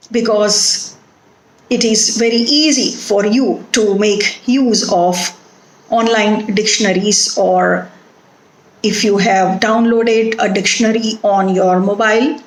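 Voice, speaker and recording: A woman with an Indian English accent giving a phonetics lecture, speaking deliberately and repeating words to model their stress. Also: fairly high pitch, steady tone, reverberant, poor audio.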